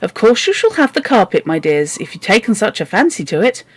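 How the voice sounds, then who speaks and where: A woman's voice: big pitch swings, fairly quick, husky, dry recording. A woman voicing a cross middle-aged lady who scolds shrilly and later gushes kindly. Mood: sweetly kind. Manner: shrill scolding, then gushing.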